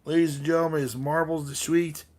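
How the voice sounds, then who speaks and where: A man's voice: a little high, little pitch movement, a little fast, darkish tone. A man hosting a casual live stream, rambling and swearing while chatting with viewers, a bit tipsy from drinking. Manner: rambling, profane, talks to chat and his cats. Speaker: livestream host.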